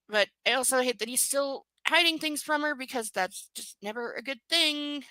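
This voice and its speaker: A woman's voice: high voice, normal speed, sharp tone, no room sound, rough recording. A woman doing a live book reading, breaking off into sarcastic, exasperated commentary with swearing. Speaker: reader and commentator.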